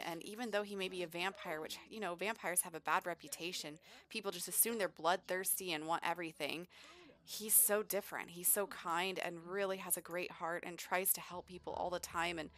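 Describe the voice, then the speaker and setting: A woman voicing a sweet, kind young vampire woman who talks in a gentle, gushing way. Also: fairly low pitch. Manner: gentle, gushing, full of fillers.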